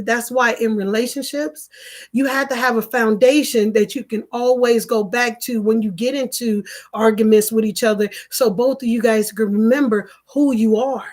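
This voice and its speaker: A woman's voice: on the high side, darkish tone. A woman pastor chatting casually on a livestream, reading viewer comments aloud and laughing often in slangy everyday speech.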